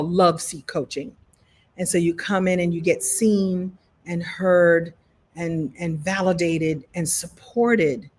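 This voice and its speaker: Playful, animated woman hosting a live stream. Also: medium pitch. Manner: animated, playful, laughs often. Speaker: story coach hosting a live session. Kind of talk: live-stream talk to viewers.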